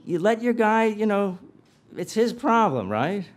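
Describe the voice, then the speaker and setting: A man's voice: high-pitched, sing-song, unhurried. A man giving a humorous guest lecture, telling stories animatedly and acting out dialogue with comic asides.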